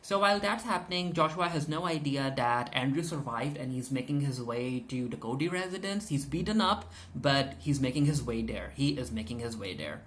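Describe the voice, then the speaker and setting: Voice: mid-range voice, expressive, moderate pace, hardly any pauses, a bit bright, slight background noise. A reviewer giving a chatty, casual episode recap, full of fillers and acted-out character lines. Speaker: TV show reviewer.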